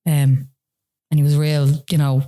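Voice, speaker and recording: An Irish woman telling her own story as a podcast interview guest, emotional and halting, with many "like" and "you know" fillers. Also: deep voice, level tone, mellow.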